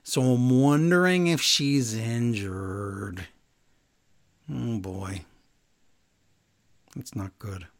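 A man co-hosting a casual wrestling podcast goes over events and brings quotes to life with playful voices. He speaks extremely slowly at a medium pitch, pausing often.

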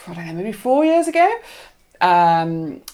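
A young woman guest chatting casually, telling an animated story and laughing often. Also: fairly low pitch, a little slow. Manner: animated, laughing often, acts out quoted voices.

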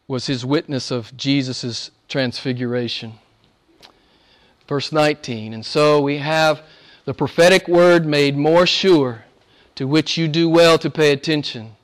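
A middle-aged man preaching a sermon, rising and falling emphatically as he exhorts his listeners. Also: on the high side.

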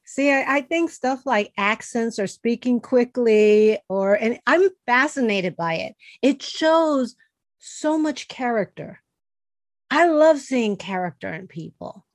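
A woman's voice: a little high, lively intonation, slow, dry recording, studio quality. A woman hosting a podcast, talking in an eager, chatty way. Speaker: podcast host. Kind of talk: casual conversation.

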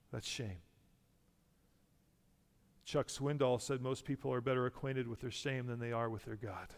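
A man's voice: mid-range voice, measured pace, big-room sound. A man preaching a sermon to a congregation, emphatic and full of rhetorical questions. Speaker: pastor.

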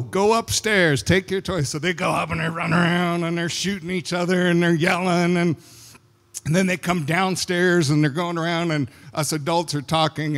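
A middle-aged male pastor gives a sermon in a church hall, and his voice carries a long reverb. He speaks slowly and deliberately in a somewhat high voice. He tells family stories, acts out the quotes and laughs along with them. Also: a bit bright.

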